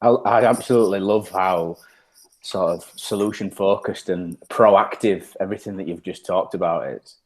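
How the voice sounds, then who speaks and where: Man, low voice, hesitant, hedging questions. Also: moderate pace. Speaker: podcast co-host. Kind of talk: casual podcast chat.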